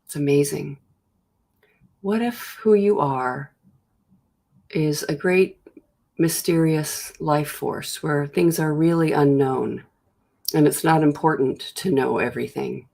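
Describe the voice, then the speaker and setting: A host giving a slow, searching reflective monologue, pausing often and acting out inner thoughts as quoted asides. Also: mid-range voice, gravelly. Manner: slow, searching delivery with long pauses and soft trailing phrases. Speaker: host of a self-inquiry show.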